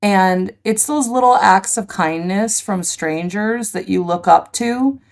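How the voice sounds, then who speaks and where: A middle-aged woman, a podcast guest, telling vivid stories in an animated conversational way. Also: medium pitch, slow, gravelly. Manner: animated, vivid storyteller, laughs easily. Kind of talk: conversational storytelling.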